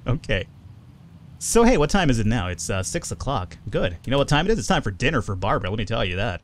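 A young man chatting casually through a survival game, swearing often and jumping up in pitch when excited. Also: quick pace. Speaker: gaming video host. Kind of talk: casual let's play commentary.

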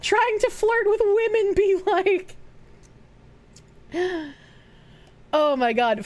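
A woman's voice: extremely high pitch, slow pace, pauses often. A young woman streaming live, reading messages aloud and reacting in a blunt, profane, openly disgusted way.

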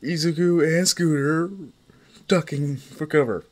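A man's voice: fairly high pitch, a little slow, a little mellow. Man narrating a homemade fan story. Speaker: fan-fiction voice actor.

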